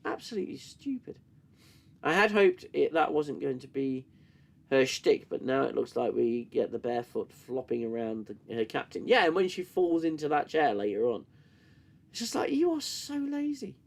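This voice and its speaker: A man's voice: medium pitch, moderate pace, gravelly. A man hosting a live-stream review, sarcastic and swearing, interrupted by coughing fits. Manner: sarcastic, swears, reads chat and mocks scenes. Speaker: host reviewing a TV show. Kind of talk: casual live-stream commentary.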